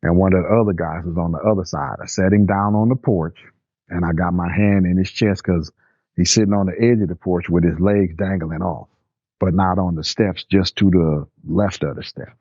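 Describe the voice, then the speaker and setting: A man's voice: low-pitched, steady tone, moderate pace, no echo. An older man, telling his own story in a plain-spoken, vivid, vernacular way. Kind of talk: first-person story recounting. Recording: dry, slightly muffled recording.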